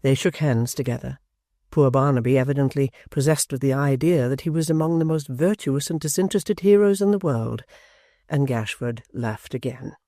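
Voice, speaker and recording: An audiobook narrator reading a classic novel in a measured, unhurried way. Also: mid-range voice, dark tone, dry recording, clean studio sound. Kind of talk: scripted narration.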